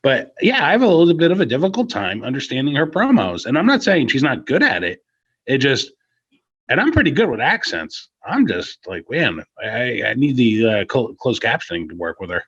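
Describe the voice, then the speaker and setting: A man's voice: mid-range voice, very animated, normal speed, fairly bright tone, slightly rough. Wry sarcastic man on slightly dull audio. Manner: wry, sarcastic, frequent laughter. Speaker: wrestling podcast co-host. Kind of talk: casual chat.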